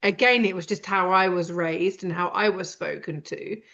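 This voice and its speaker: A woman's voice: on the low side, moderate pace, fairly bright tone. A British woman hosting a live conversation, talking directly and rambling with many fillers. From Britain. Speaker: host. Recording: dull lo-fi sound.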